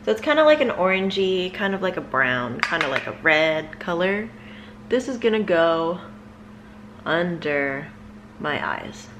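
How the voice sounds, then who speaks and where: Woman makeup vlogger, casual and chatty, slow unhurried pace, lowish voice, faint background hiss. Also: very animated. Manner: casual and chatty, with many filler words. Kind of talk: step-by-step makeup tutorial.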